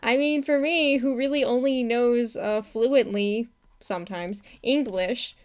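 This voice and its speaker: Female streamer, slightly high voice, loose casual chatter full of giggles and restarts. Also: a little slow, darkish tone, smooth. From not from Texas. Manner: rambling, giggly, laughs often, many restarts. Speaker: animator streaming her work. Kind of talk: casual live-stream chat while working.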